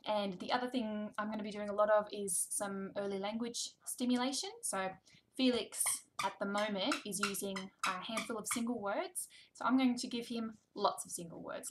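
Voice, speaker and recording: A woman's voice: mid-range voice, very noisy. A woman, a speech therapist explaining how to read with a toddler. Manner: animated, exaggerated sound play with a child. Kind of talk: demonstrating book reading with a toddler.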